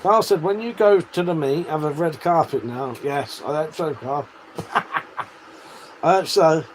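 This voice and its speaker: A man's voice: fairly high pitch, measured pace, noisy background. A man hosting a livestream, reading out viewer comments, swearing freely and laughing often. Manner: swears a lot, laughs often, banters with chat. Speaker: livestream host.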